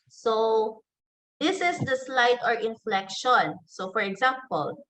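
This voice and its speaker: A woman with a Filipino English accent teaching an online class, slow and deliberate, saying example phrases aloud to show them. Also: on the high side, fairly bright tone, poor audio.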